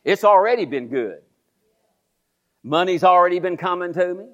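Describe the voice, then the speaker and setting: A man's voice: high-pitched, expressive, normal speed, a bit bright, highs cut off. An older man, preaching a sermon as pastor, repeating lines and calling the congregation to say them with him, often restarting his sentences. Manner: repetitive call-and-response preaching with many restarts.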